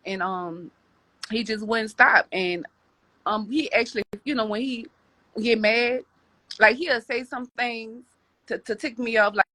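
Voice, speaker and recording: A woman's voice: mid-range voice, pushed and bright, no echo. A woman telling a personal story as a podcast guest, rambling with many restarts and repeated words.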